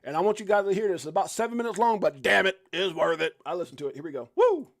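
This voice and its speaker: A middle-aged man hosting a crypto live stream, preaching hard work in fired-up, slangy talk with loud whoops. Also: high-pitched, very fast, creaky, no room sound, clean studio sound.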